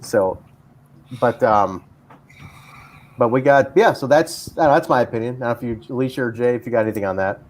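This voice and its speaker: A man's voice: mid-range voice, brisk, long pauses, darkish tone, slight background noise. A man hosting a casual chat show, rambling with lots of fillers and restarts. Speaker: podcast host.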